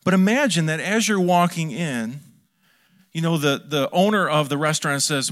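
A man preaching a sermon as pastor, lively and joking, with asides to his congregation. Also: fairly high pitch, moderate pace.

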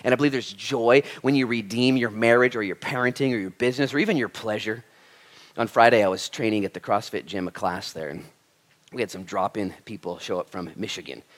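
In a fairly quick sermon, a man whose voice is on the low side preaches to his congregation with energy and a conversational manner, dropping in animated quoted asides.

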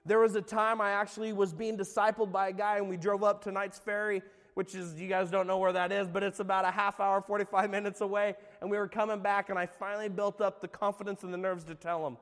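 High-voiced man giving an earnest testimony. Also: little pitch movement, fast talker, hardly any pauses, long reverb tail. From California. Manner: earnest, confessional, swings between loud and hushed. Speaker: guest speaker, former youth pastor. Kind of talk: personal testimony sermon. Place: church.

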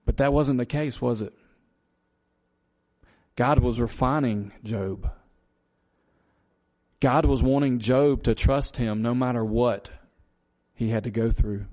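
A man's voice: mid-range voice, takes it slowly, pauses often, warm tone. A man preaching a sermon, earnest and repetitive, asking the congregation rhetorical questions. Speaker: pastor.

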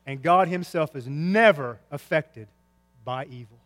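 Guy preaching a sermon, pretty high voice, gets loud and passionate, echoey church hall. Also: measured pace. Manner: impassioned preaching with big swings in pitch and loudness. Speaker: pastor.

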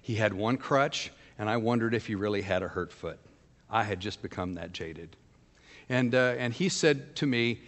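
A man's voice: fairly low pitch, moderate pace, a bit bright, big-room sound. A man preaching a sermon as pastor, telling a personal story in a frank, conversational way.

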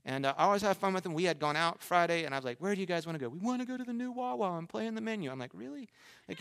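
A middle-aged male pastor preaching a sermon, telling funny stories and acting out the voices of the people in them. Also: fairly high pitch. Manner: animated, acts out quoted voices, humorous asides. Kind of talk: sermon with storytelling.

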